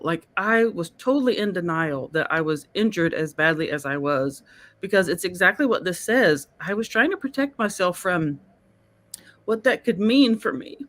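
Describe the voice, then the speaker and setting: Effusive emotional woman hosting a live chat. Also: on the low side. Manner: warm, effusive, emotional, laughs often. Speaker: host. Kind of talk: casual live-stream chat.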